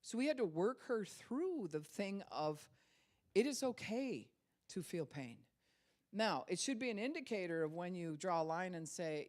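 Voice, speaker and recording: A woman's voice: lowish voice, lively intonation, a little slow, darkish tone. A middle-aged woman pastor giving a conversational sermon, acting out quoted voices and laughing now and then.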